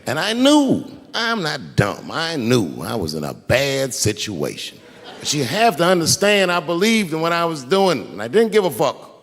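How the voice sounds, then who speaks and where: A man doing stand-up comedy, telling a story in an animated, profane way. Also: on the high side, normal speed, long reverb tail.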